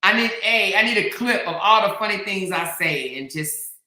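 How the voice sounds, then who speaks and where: A woman host chatting casually with her viewers, breaking into laughter again and again. Her voice is very bright and sharp, with loud playful bursts. The room rings with a roomy echo. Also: medium pitch, lively intonation, moderate pace. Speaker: host reading viewer comments. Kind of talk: casual livestream chat. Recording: roomy echoey room sound.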